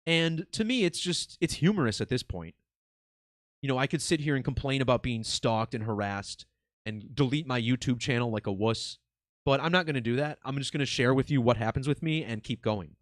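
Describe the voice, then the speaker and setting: A man hosting his own video channel, talking casually and excitedly to viewers, swearing now and then. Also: mid-range voice, brisk, dry recording, studio quality. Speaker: video host.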